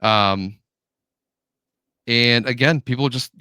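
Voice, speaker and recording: In a medium-pitched voice at a moderate pace, this podcast co-host animatedly recounts a story, voicing the people involved as he quotes them. The studio recording is clean, with no echo.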